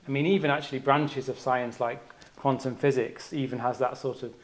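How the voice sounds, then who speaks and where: Earnest man thinking aloud. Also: mid-range voice. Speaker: retreat speaker, doctor. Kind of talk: personal Dharma talk.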